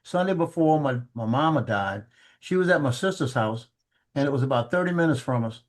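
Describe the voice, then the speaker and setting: A middle-aged man telling family stories in casual chat, halting and repeating words as he acts out what people said. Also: mid-range voice, expressive.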